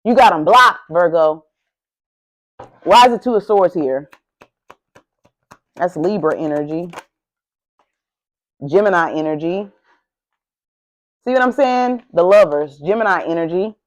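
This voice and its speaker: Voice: medium pitch, unhurried, pauses often, rough recording. Blunt, profane tarot reader ranting. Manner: blunt, heavily profane and emphatic; heated, ranting delivery. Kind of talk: casual tarot reading to camera.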